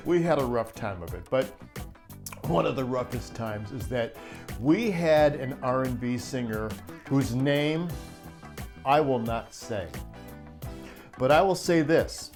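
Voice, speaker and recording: A middle-aged man who works as a live sound crew chief, telling a backstage story in a chatty, laughing way. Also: medium pitch. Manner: chatty, laughing, acts out quotes. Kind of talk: storytelling anecdote.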